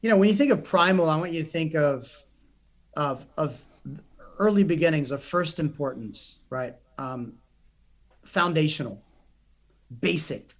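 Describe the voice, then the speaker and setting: A man's voice: on the high side, a little slow, long pauses. A young man, a psychotherapist and coach, telling stories in a podcast interview with earnest energy and frequent restarts. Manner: animated, earnest, many restarts.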